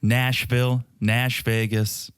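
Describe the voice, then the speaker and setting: A man's voice: medium pitch, level tone, slow, smooth, no echo, studio quality. A man co-hosting a casual podcast, joking and teasing with lots of laughter. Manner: jokey, teasing, laughs often. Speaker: podcast co-host.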